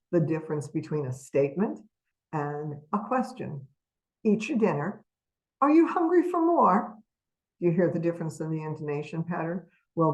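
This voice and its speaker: Woman webinar presenter, low register, unhurried, emphatic, asks the audience questions. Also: darkish tone, low-quality recording. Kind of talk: educational webinar lecture.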